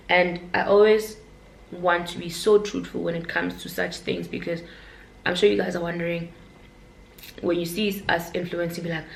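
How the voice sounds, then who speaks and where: A woman's voice: lowish voice, gravelly, fairly bright tone. A young woman chatting candidly to her viewers in a casual vlog, talking straight to them. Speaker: vlogger. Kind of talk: casual chat to camera. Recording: echoey room with faint noise.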